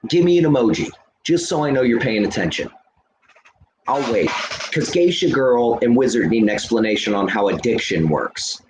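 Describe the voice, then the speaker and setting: A man talks straight to his live chat in a heated, profane rant, lecturing viewers as he smokes. His voice sits at an ordinary middle pitch. The room around him is echoey, with a faint ambient hum underneath. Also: lively intonation, moderate pace. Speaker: livestreamer.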